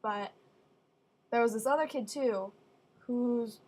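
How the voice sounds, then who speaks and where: A young woman telling funny stories casually, with deadpan asides. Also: fairly high pitch, slow pace, long pauses. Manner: chatty, deadpan asides, acts out quoted voices. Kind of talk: casual storytelling.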